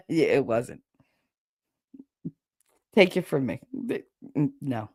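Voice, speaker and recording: A woman's voice: low voice, slow, long pauses, darkish tone, no room sound, studio quality. A woman with a Chicago accent chatting on a livestream, rambling, losing her train of thought and laughing often. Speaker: livestream host. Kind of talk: casual livestream chat reading comments.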